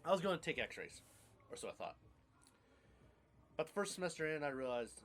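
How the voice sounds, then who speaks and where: A man's voice: on the high side, sing-song, fairly quick, fairly bright tone. A man in his thirties casually telling his life story on a podcast, rambling and blunt, with casual swearing.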